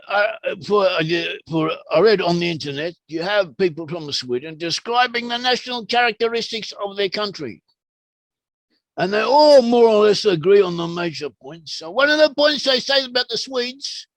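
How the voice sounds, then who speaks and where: Male guest, high gravelly voice, halting explainer, dry close sound. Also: no room sound. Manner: halting, frequent restarts and drawn-out fillers. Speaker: guest researcher explaining his views. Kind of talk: explanatory discussion.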